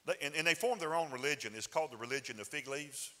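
A man's voice: a little high, fast talker, bright, forceful tone. A man preaching a sermon in a conversational, folksy way, with rising emphatic bursts. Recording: hall reverb.

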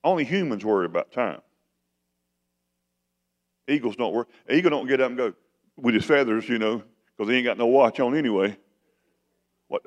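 Folksy pastor preaching. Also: male voice, medium pitch, sing-song, moderate pace, long pauses. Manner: folksy, conversational preaching with questions to the congregation. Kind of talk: sermon.

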